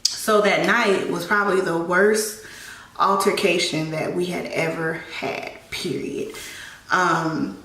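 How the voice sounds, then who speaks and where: A woman vlogger telling a personal story in a get-ready-with-me video, talking in a raw, halting way and often repeating herself. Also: on the low side, fairly even intonation, a bit bright. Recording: echoey room, mic at a distance.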